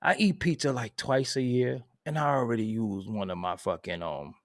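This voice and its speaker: A man hosting a casual live stream, answering chat in a loud, laughing, profane way that swings from mumbling to shouting. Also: mid-range voice, normal speed, no room sound, clean studio sound. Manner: reads and answers viewer chat. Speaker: host.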